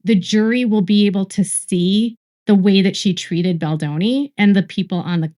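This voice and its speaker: Woman commentator in a played clip, recounts gossip from sources, slow and repetitive. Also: mid-range voice, warm tone. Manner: lists traits slowly, repeats words for emphasis. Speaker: online commentator.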